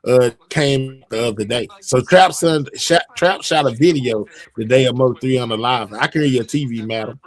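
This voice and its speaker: A man's voice: medium pitch, moderate pace, few pauses. A man hosting a live stream, chatting casually and reading out viewer comments, rambling with many fillers and restarts. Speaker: livestream host.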